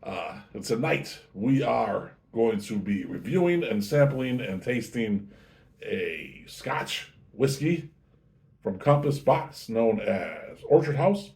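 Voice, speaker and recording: A man's voice: medium pitch, very animated, slow pace, gravelly, a little mellow. Laid-back man hosting a whiskey tasting. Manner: chatty, easygoing, self-correcting. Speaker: whiskey reviewer host. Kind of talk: casual tasting review.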